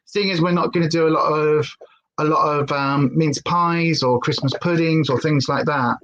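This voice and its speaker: A woman's voice: low-pitched, steady tone, normal speed, muffled recording, slight background noise. A woman chatting casually on a livestream, rambling and stopping to talk to her dog. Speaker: livestream host.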